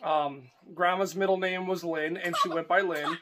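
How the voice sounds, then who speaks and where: A man's voice: high voice, fairly even intonation, normal speed, heavy background noise. A young man talking casually to camera in a homestead vlog, rambling with fillers and restarts. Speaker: homestead vlogger.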